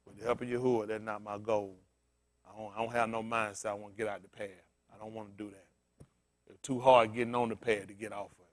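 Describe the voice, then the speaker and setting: A male pastor giving a casual, storytelling sermon, asking his congregation questions and swinging from loud bursts to quiet murmurs. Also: on the low side, fast talker. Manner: conversational preaching, swings from loud excited peaks to quiet murmurs.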